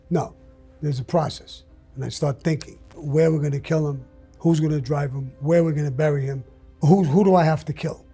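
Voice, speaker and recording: A man's voice: fairly high pitch, warm tone. An older man telling stories as an interview guest, blunt and profane. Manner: blunt, profane, gravelly storytelling. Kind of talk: storytelling in an interview.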